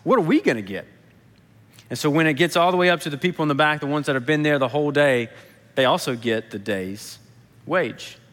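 A man's voice: fairly high pitch, a little fast, a bit bright. A man preaching a casual, conversational sermon, retelling parables in plain everyday speech. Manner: casual storytelling, acts out quotes. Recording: echoey hall.

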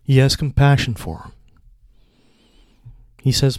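A man preaching a sermon in a measured, deliberate way. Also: medium pitch, steady tone, darkish tone, dry recording, clean studio sound.

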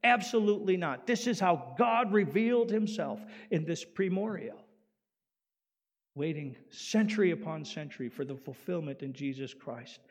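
High-voiced man preaching in a hall. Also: moderate pace. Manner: animated preaching, rising loud then dropping quiet. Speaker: pastor. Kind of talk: sermon. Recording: long hall reverb.

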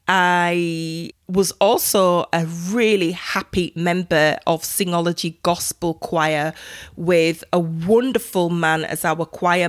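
A middle-aged woman hosting a podcast, chatting casually about her life and laughing at herself. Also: fairly low pitch. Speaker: podcast host. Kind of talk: casual personal podcast monologue.

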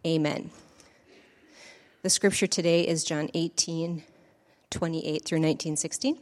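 A woman reading the creed and scripture aloud in church at a measured, deliberate pace. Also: low voice, steady tone, big-room sound. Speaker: lay scripture reader.

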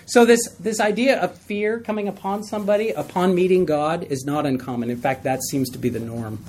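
Man teaching a lively Bible study. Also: high voice, brisk, a little hiss or hum. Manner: conversational, asks the group questions, tells stories with laughs.

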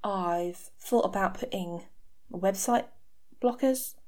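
A woman's voice: medium pitch, slow, a little mellow. Frank self-mocking woman in her thirties. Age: 30s. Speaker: podcast host. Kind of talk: candid personal podcast talk. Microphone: home podcast mic.

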